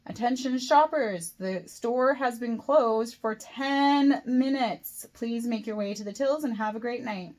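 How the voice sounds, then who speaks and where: A woman voicing a female store clerk making slow, loud announcements over the intercom, read as part of a storybook. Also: mid-range voice, close to an everyday voice. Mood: strained.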